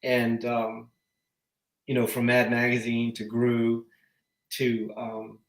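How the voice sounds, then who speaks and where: A man co-hosting a podcast in casual chat, enthusiastic and quick to laugh, often halting and restarting his sentences. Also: medium pitch, completely flat delivery, reverberant. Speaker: podcast co-host.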